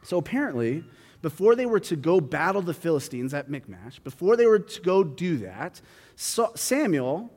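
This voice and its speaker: A man reads a Bible passage and then explains it in a relaxed, conversational way, thinking aloud with fillers and restarts. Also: on the high side, moderate pace. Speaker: Bible teacher. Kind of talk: reading scripture then explaining it casually. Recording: long hall reverb.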